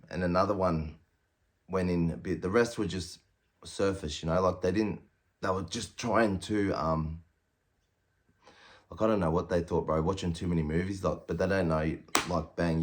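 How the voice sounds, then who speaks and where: Blunt low-voiced Australian man. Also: moderate pace. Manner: blunt, heavy swearing, quotes himself and others in raised voices. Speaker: former prisoner telling his story. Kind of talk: casual storytelling.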